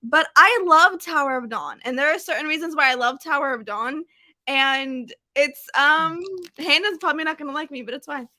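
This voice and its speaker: A young woman with a high, bright voice, a guest on a casual livestream book discussion. She gushes emphatically. The sound is dry and close. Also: normal speed, dry recording. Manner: gushing and emphatic. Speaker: booktube guest.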